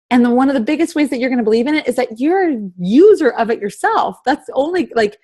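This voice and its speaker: A woman's voice: a little high, a little mellow. A woman in her thirties leading a motivational team call over video chat, full of rhetorical questions. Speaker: team leader.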